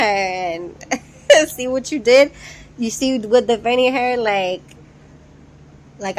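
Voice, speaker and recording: A woman's voice: medium pitch, takes it slowly, long pauses, a little hiss or hum. A young woman casually recapping a reality show episode, chatty and incredulous, laughing often.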